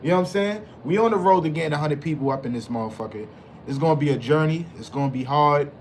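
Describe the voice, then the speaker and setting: At a quick pace and with a slightly high voice, a man hosts a casual live stream amid slight background noise. He sounds hyped, uses slang, greets people in chat by name, and repeats his phrases.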